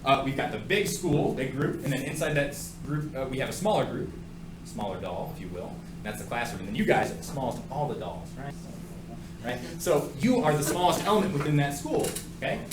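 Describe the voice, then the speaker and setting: A man with a medium-pitched, animated voice teaches a math class at a brisk clip, joking around and peppering students with questions. The lecture is recorded in an echoey classroom with faint ambience and noise in the background.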